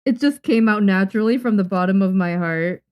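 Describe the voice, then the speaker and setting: A young Japanese woman, a manga artist, chatting casually on a livestream while she draws, muttering and calming herself down. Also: medium pitch, a little fast, clear, resonant tone. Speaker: manga artist streaming her drawing.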